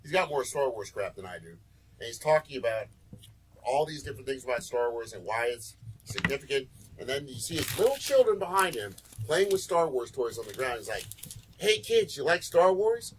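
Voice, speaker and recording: A man's voice: medium pitch, expressive, a little fast, background noise. A man hosting a casual podcast, ranting and joking. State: sore back. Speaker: podcast host.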